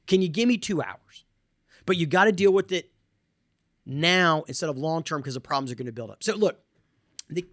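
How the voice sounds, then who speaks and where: A man hosts a podcast and talks through advice in a loose, animated way, leaning on "right?" and "man". His voice sits a little high for a man. The sound is dry and close, with almost no room around it. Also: no echo. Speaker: podcast host. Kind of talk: casual advice talk.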